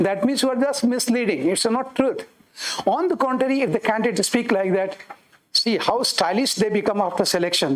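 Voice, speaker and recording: A middle-aged man with an Indian English accent, lecturing exam aspirants in an animated way, mimicking candidates and parents and mixing Hindi into his English. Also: high-pitched, rough recording. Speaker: coaching teacher.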